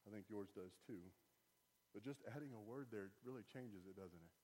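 A man's voice: lowish voice, moderate pace, dark tone, slightly rough. A man preaching a sermon as pastor, conversational and wry, rising to emphatic bursts. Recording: long hall reverb.

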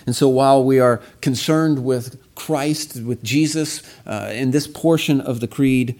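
A pastor delivering a Sunday sermon, reading scripture aloud with slow, emphatic stress on key phrases. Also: male voice, mid-range voice, darkish tone.

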